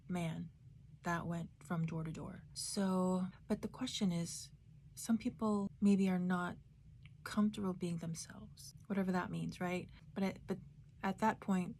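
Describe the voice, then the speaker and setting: A woman's voice: fairly low pitch, gravelly, darkish tone, slight background noise. A woman giving a casual spoken book review, reflective and thinking aloud with tag questions.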